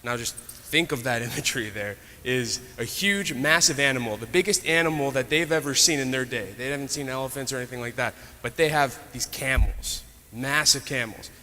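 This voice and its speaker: A man's voice: mid-range voice, brisk, few pauses, sharp tone, slight background noise. A man teaching an adult Bible study class in a conversational way, retelling stories with asides. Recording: echoey hall reverb.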